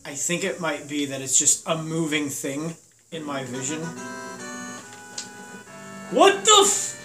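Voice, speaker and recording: A young man commenting on a game with a friend, loud, crude and excitable. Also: fairly high pitch, normal speed, soft background music. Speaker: let's play host.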